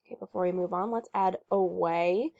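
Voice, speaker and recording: A woman teacher reading a chapter book aloud and pausing to explain word sounds in a chatty, encouraging way. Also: on the low side, fairly even intonation, vocal fry, dark tone. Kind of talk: reading aloud with phonics pointers. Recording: muffled lo-fi recording.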